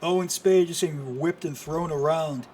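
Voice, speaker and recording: A man doing live play-by-play commentary on a wrestling match, excitable and full of exclamations. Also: on the high side, moderate pace, a little hiss or hum. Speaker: streamer commentator.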